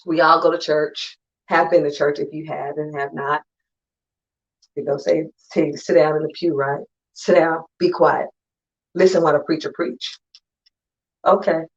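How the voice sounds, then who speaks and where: Over lo-fi sound, a woman with a low, steady voice delivers a motivational talk online as a conference speaker. She's conversational and emphatic, briefly acting out her friends in quick asides.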